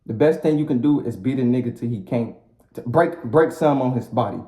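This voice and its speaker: A man's voice: medium pitch, animated, brisk, dark tone. Profane, blunt man ranting in an echoey room. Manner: blunt, profane, repetitive street talk. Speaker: vlogger. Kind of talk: casual rant to the camera. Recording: roomy echo.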